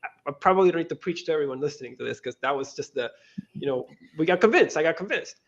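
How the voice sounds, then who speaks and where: A man, his voice sitting a little high, tells a story in a lively interview. He talks casually and restarts his sentences often, slipping into quoted dialogue. The audio sounds dull and lo-fi. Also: fast talker. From Venezuela. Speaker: guest, crypto lending co-founder.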